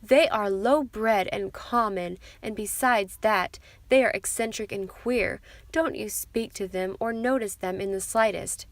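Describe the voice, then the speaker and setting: A woman's voice: medium pitch, a little slow, hardly any pauses, dry recording, lightly acted. A woman voicing a gushing, snobbish society mother who talks in an affected, effusive way. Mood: haughty.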